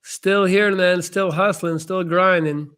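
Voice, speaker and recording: A man's voice: sits high, fairly even intonation, slow pace, a bit bright, clean tone. A young man hosting a casual live-stream chat, answering viewers' questions in a blunt, laid-back way and calling people "man".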